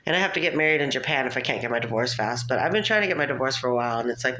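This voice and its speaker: A woman's voice: rumbling low, lively intonation, rapid-fire, hardly any pauses, fairly bright tone. A woman talking to the camera in a casual, rambling monologue, chatty and laughing often. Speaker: vlogger.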